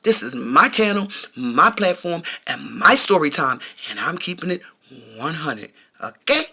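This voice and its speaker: A woman's voice: deep voice, lively intonation, measured pace, bright, forceful tone, husky. A woman telling her own story to her viewers in a casual vlog, blunt and emphatic, swearing freely. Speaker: vlogger.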